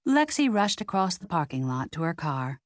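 An audiobook narrator with a lowish voice reads a novel at a moderate pace, telling the story expressively in scripted narration. The recording is dry and clean, with studio sound.

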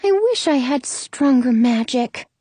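A woman's voice: high-pitched, animated, measured pace, dark tone, breathy edge, dry recording, full character voice. A woman voicing a bubbly young female genie who sounds eager and a little apologetic.

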